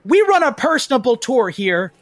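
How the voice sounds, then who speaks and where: A man's voice: extremely high pitch, sing-song, moderate pace, a bit bright, dry recording, pitched above the performer's own voice, heavily acted. A man voicing a nervous, sweaty male ancestor spirit who works as a city tour guide, talking in an eager, overly polite, formal way.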